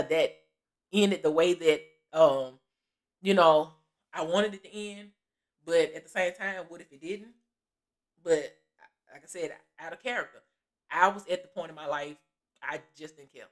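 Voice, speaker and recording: A woman telling a story in a casual vlog, lively and laughing, acting out the people in it and calling listeners baby. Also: lowish voice. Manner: animated, laughing often, acting out quoted voices; Southern Black American vernacular, calls listeners baby.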